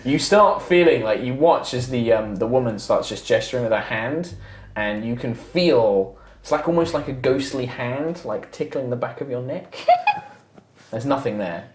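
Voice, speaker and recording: A man's voice: medium pitch, moderate pace, a little hiss or hum. A man, running a tabletop game as dungeon master in loose, chatty narration full of fillers. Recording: echoey room with faint music.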